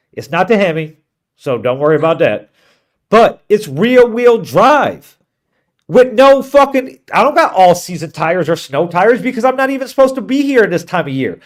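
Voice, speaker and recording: Brief: man, high-pitched voice, podcast co-host, animated swearing storyteller. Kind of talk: casual storytelling chat.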